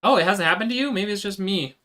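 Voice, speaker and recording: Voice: mid-range voice, fast, sharp tone. A live streamer chatting casually with viewers while working, answering chat as they go.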